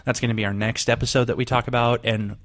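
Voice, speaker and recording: Casual male podcast host, mid-pitched, playful banter. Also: level tone, fast, fairly bright tone. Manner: playful, joking, then earnest.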